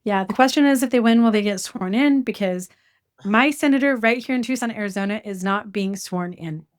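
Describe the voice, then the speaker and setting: A woman hosting a casual conversation, talking in an animated, talkative way with quick asides. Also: a little high. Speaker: host.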